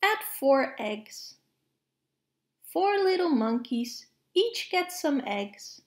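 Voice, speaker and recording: A woman reading a picture book aloud to young children, expressive, with playful hushes and sound effects. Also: sits high, very slow. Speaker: storybook reader.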